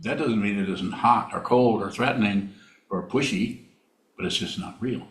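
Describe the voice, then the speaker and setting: Deep-voiced man giving a dharma talk. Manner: halting, repeats words, plainspoken. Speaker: Buddhist meditation teacher. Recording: roomy hall sound.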